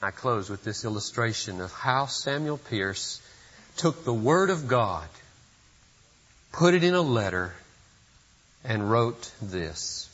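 A man's voice: mid-range voice, big pitch swings, slow pace, long pauses, fairly bright tone, slightly rough, highs cut off. A pastor preaching a sermon at a church service, speaking earnestly and putting direct questions to his listeners.

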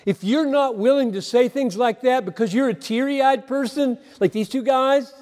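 A man delivers an earnest sermon in a high, emphatic voice. He slows and leans on single words, with deliberate pauses. A long reverb trails every phrase, as in a big hall. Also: darkish tone. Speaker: preacher. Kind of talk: sermon on a Bible passage.

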